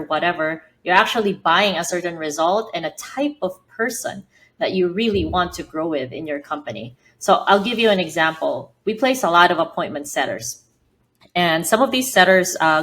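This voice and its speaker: Filipino-accented woman, lowish voice. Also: fairly bright tone. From Philippines. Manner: earnest and explanatory, with frequent fillers. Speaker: podcast guest, business founder. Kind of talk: interview answers.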